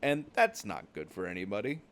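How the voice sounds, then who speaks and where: This young American gaming host spins loose, profane travel stories as he plays, filled with "like" fillers. His lowish voice swings hugely in pitch and moves a little fast, over slight background noise.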